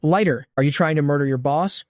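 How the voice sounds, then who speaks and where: A man's voice: on the high side, a little fast, no room sound, clean studio sound, natural voice. A man voicing a bossy, demanding young female CEO in a storybook recap, speaking her lines with impatient, imperious commands.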